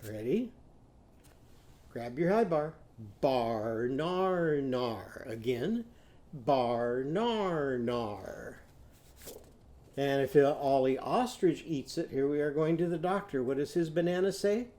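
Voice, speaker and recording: A man teaching young children a phonics lesson, patiently prompting them to repeat after him and sounding out words slowly. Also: a little high, expressive, warm tone. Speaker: literacy teacher.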